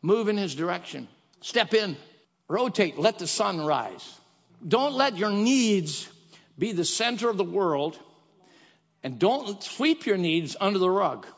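High-voiced male preacher in echoey hall. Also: big pitch swings, a little slow, vocal fry. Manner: emphatic, exhorting, repetitive. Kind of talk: sermon. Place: church sanctuary. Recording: dull echoey church hall.

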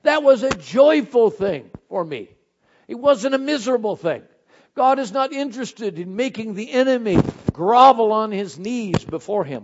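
A man preaching a sermon with a fairly high voice, his delivery rising to ringing shouts and then dropping to near-quiet reflection. The recording is dull and muffled. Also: animated, moderate pace, a little hiss or hum. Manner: dynamic preaching, swings from shouted highs to soft low phrases. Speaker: pastor.

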